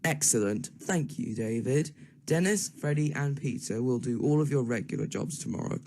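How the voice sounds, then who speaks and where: A man's voice: medium pitch, animated, moderate pace, a little mellow, natural voice. A young man voicing a friendly railway boss in a hammy amateur storybook reading, with music behind him. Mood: cheery.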